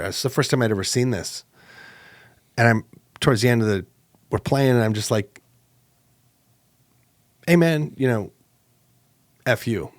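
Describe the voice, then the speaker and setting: A man co-hosting a podcast, telling a personal story in a casual, animated way with lots of fillers. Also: dry recording. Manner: animated, acts out quoted exchanges with jumps in pitch; conversational, with many fillers and restarts. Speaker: podcast co-host.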